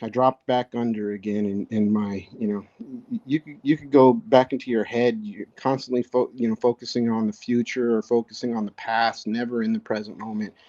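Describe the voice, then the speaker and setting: Low-key, reflective man on a podcast. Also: steady tone, warm tone. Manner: halting, reflective, frequent restarts. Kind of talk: casual conversation. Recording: dull lo-fi sound.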